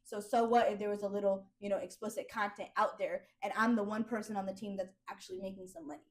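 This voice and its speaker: A woman's voice: medium pitch, little pitch movement, fast talker. Blunt, profane woman with AAVE speech. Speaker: podcast host. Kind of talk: casual chat.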